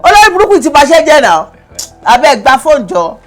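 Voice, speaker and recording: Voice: high-pitched, very animated, a little fast, faint music behind. Hot-tempered Nigerian Pidgin schemer, played by an actor. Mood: angry. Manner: angry, shouting insults.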